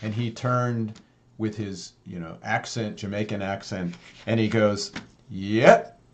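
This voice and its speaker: A man with a lowish voice co-hosts a casual talk show, speaking a little slowly. He is upbeat and jokey and fills his chat with plenty of fillers.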